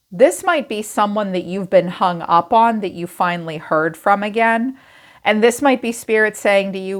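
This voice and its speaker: A woman giving a casual tarot reading to camera, chatty and frank, who swears and laughs easily. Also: mid-range voice. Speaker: tarot reader.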